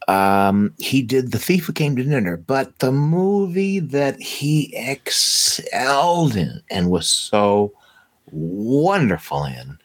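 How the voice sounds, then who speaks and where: Enthusiastic male co-host, unhurried, stumbles and restarts, dry booth sound. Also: deep voice, dry recording. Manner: enthusiastic, gushing, halting restarts. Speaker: co-host of a movie watch show. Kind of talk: casual chat.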